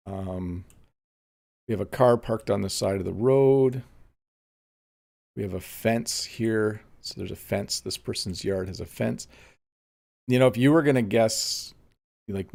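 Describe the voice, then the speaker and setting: A man, teaching English in a relaxed live-streamed lesson. He thinks aloud, with frequent ums. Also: on the low side, creaky. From Canada.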